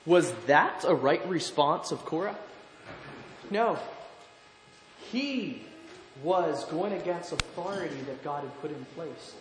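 A man preaching a sermon in an animated way, putting questions to the congregation. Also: a little high, takes it slowly, pauses often. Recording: echoey hall, faint room noise.

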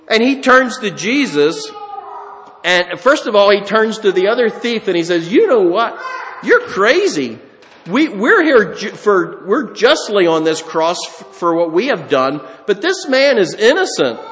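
A man with a high voice delivers an earnest sermon in a hall with a long, lingering reverb. He reads scripture aloud, acts out the quotes, and climbs even higher when he is moved. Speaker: preacher.

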